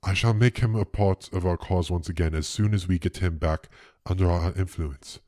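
A scheming cult leader, put on by a man running the game, speaks in slow, ominous pronouncements. The voice sits very low and grave. The sound is close and dry. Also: warm tone, no room sound, natural voice. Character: scheming cult leader lord, calm and menacing.

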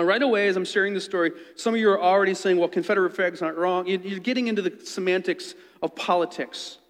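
A man telling a story in an earnest, conversational sermon, dropping quiet when he quotes others. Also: sits high, in a large hall.

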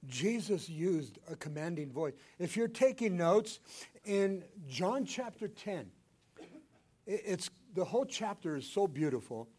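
An older man preaching a sermon, swinging between loud emphatic lines and hushed ones. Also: high voice, big pitch swings, measured pace, breathy edge. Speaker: pastor.

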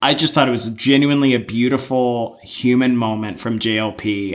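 A man's voice: mid-range voice, fairly even intonation, moderate pace, hardly any pauses. A man co-hosting a podcast, chatting casually and emphatically about a show episode, swearing now and then. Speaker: podcast co-host. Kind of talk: casual recap chat.

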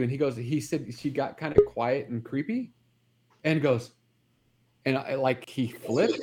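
A man hosting a radio morning show, retelling a story with animated voices in casual chat. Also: mid-range voice, measured pace, background noise.

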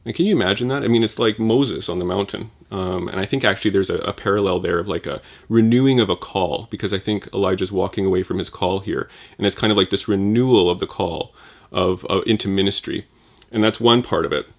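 Guy with a lowish voice doing a chatty bible talk, lots of "like". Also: quick pace. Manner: informal, uses "like" a lot. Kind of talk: conversational Bible teaching.

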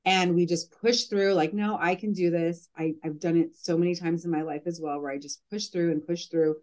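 A woman's voice: on the low side, fairly even intonation, moderate pace, a little mellow. A woman who coaches mothers, talking earnestly in a casual podcast interview and using "like" often.

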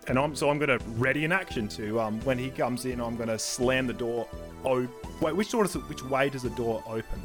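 A man's voice: medium pitch, brisk, over music. A man playing a tabletop game, joking and describing his moves eagerly. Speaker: player.

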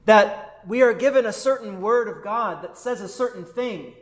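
A man's voice: sits high, moderate pace. A man preaching a sermon as a pastor. He talks in a conversational way, often checks in with "right?", and briefly voices the people he is quoting. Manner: quotes and voices figures from the text.

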